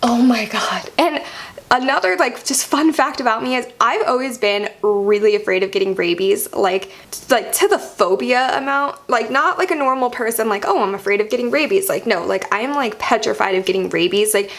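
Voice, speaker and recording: A young adult woman vlogger telling a storytime monologue in an animated way, full of "like" fillers. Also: on the high side, normal speed. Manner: animated, heavy use of "like" fillers.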